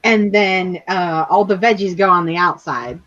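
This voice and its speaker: A woman in casual group chat who talks quickly and chattily, laughing as she goes. Her mic sounds a little dull and lo-fi. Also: lowish voice, a bit bright.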